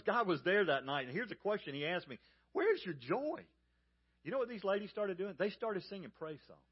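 A pastor from the American South with a Southern accent, preaching a sermon in a folksy storytelling manner and speaking straight to the congregation. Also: male voice, fairly high pitch, breathy edge, lo-fi sound. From Georgia, US South.

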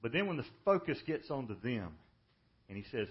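A man preaching a sermon as pastor, emphatic, often dropping to a hushed, slow delivery for weight. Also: medium pitch, big pitch swings. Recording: dull lo-fi sermon audio.

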